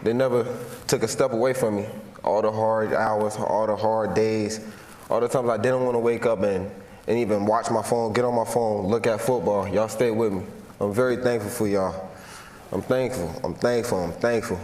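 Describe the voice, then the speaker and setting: A man in his twenties from Florida, giving an award acceptance speech from a stage in a large hall, heartfelt and halting, repeating himself as he holds back emotion. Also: lowish voice, steady tone, a little mellow. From Florida, USA. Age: 20s. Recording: echoey hall with long reverb and faint noise.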